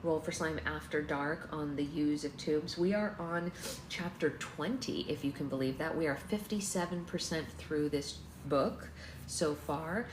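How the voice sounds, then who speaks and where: A woman hosting a livestreamed book club, chatting casually and rambling with many fillers before reading aloud. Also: sits low. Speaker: book club host and slime seller. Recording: echoey room, faint background noise.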